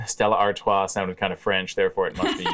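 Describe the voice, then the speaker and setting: Laid-back man, lowish voice. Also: level tone, fast talker, noisy background. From Canada. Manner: easygoing storyteller, frequent fillers and wry humor. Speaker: guest. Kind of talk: casual podcast chat.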